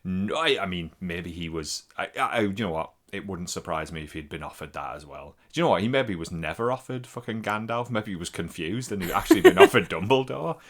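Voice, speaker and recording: A man's voice: deep voice, animated, a little fast, few pauses. A man, co-hosting a podcast in casual, rambling chat full of swearing. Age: 40s. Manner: sweary, rambling, laughs a lot. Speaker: podcast co-host.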